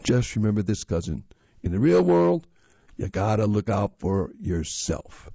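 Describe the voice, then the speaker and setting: A man's voice: on the low side, very animated, unhurried, gravelly, dark tone, slightly rough, no echo, highs cut off, exaggerated voice. A man voicing an obnoxious teenage boy, a cocky older cousin with a nasally, taunting voice, in a storybook reading. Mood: smug taunting.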